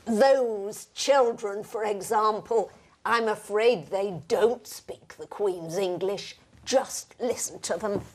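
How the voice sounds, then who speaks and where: Snooty Miss Higgins, prim and proper. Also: female voice, medium pitch. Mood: haughty. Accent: Received Pronunciation. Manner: haughty, precise, slow deliberate delivery. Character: snobbish prim English lady, proud of her speech. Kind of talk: scripted language-course drama.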